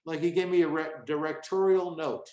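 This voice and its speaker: A man's voice: on the high side, fairly even intonation, normal speed, dark tone. Comedian in his 60s, echoey room. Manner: acts out bits of his old stand-up act mid-story. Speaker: stand-up comedian guest. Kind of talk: storytelling interview.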